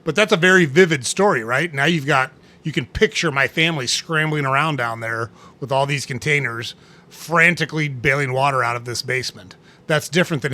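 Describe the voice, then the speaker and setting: A man hosting a casual tips talk, speaking conversationally, often checking in with "right?" and clearing his throat now and then. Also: medium pitch, fairly quick, bright, forceful tone. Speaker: host.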